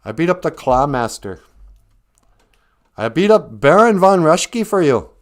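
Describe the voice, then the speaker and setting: A man's voice: on the high side, lively intonation, normal speed, darkish tone, pitched above the performer's own voice. A man voicing a young teen boy hero in a live-streamed story, in a raised, emphatic storytelling voice. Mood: cocky.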